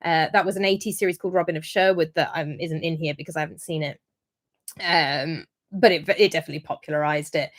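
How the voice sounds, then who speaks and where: A woman's voice: deep voice, fairly even intonation, fast. A woman hosting a casual livestream review, talking in a chatty, rambling way with frequent ums and restarts. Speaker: historian livestream host.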